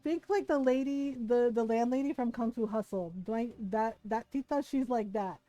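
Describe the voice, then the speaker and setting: A woman's voice: on the high side, normal speed, no room sound. A woman streamer chatting casually as she tells a long story, often checking in with "right?". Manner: lively storyteller who keeps asking "right?".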